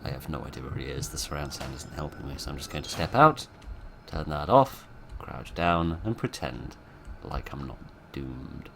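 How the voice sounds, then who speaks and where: A man commentates his own horror game playthrough. He rambles, mocks himself and jokes drily. Clear background noise runs under his desk mic. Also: very deep voice, normal speed, pushed and bright. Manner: self-mocking, rambling, dry humour. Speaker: gameplay commentator. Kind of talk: let's play commentary. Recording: noisy background.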